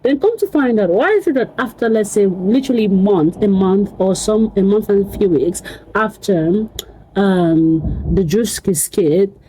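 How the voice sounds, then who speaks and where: A woman's voice: mid-range voice, measured pace, slight background noise, poor audio. A woman vlogger talking casually to her viewers, exclaiming, laughing and repeating phrases over and over. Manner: animated, repetitive, exclamatory, laughs often. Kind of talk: casual commentary to camera.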